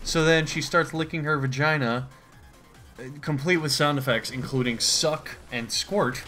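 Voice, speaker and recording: A man's voice: fairly high pitch, a little slow, pushed and bright, faint music behind. A man from the United States giving a sarcastic, profane, rambling comedic reading. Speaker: comedy commentator.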